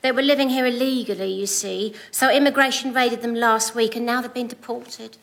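An actress playing a pious, gossiping older widow, prim and matter-of-fact in a sitcom. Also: female voice, a little high, steady tone, a little fast, creaky, fairly bright tone. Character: prim, gossiping old widow who writes poison-pen letters. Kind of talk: sitcom acting.

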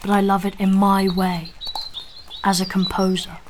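A man's voice: high-pitched, monotone, moderate pace, a little hiss or hum, natural voice. A young man playing an earnest, poetic aspiring composer who is writing to his father. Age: young adult.

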